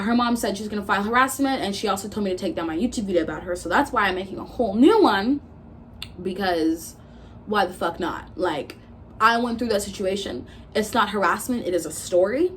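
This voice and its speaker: A woman's voice: mid-range voice, a little hiss or hum. A woman in her twenties telling a storytime vlog, blunt and profane, retelling arguments with quoted back-and-forth. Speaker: vlogger. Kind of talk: casual storytime rant.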